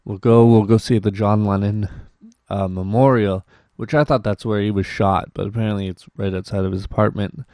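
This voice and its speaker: A man's voice: on the low side, little pitch movement, normal speed, warm tone, no room sound. A young Canadian man hosting a podcast, rambling through a casual story with many restarts and acted-out quotes. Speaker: podcast host.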